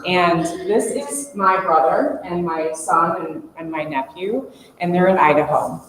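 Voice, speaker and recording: A woman in her forties telling a lively story to a conference audience, laughing as she goes. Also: fairly low pitch, measured pace. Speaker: conference speaker. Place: conference room. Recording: echoey conference room, faint hum.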